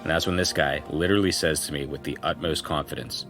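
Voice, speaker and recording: A podcast co-host with an extremely low, deep voice reads a spooky first-person story aloud. He tells it conversationally, leaning into dramatic pauses. Soft music sits faintly beneath him. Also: fairly even intonation.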